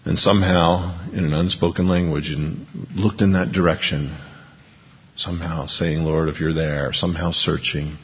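A man preaching a sermon as pastor, with earnest delivery that swings between hushed and emphatic. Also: deep voice, fairly even intonation, moderate pace, big-room sound, highs cut off.

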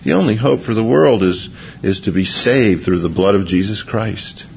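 A man's voice: lowish voice, animated, normal speed, gravelly, highs cut off, slight background noise. A man preaching an expository sermon in a conversational way, with restarts and small chuckles. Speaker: pastor.

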